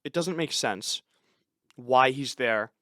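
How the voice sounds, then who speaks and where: A man's voice: mid-range voice, slow pace, a bit bright, no room sound, studio quality. A man co-hosting a podcast in casual chat, sarcastic and mocking characters by putting on voices. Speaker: podcast co-host.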